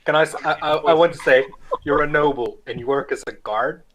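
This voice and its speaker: Wry, teasing player. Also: male voice, a little high, fairly quick, a loud crowd.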